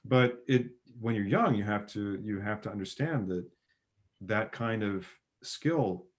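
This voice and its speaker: A man talking as a guest on a podcast, expressive and acting out what others say. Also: lowish voice, measured pace. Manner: expressive, acting out quoted speech. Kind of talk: casual conversation.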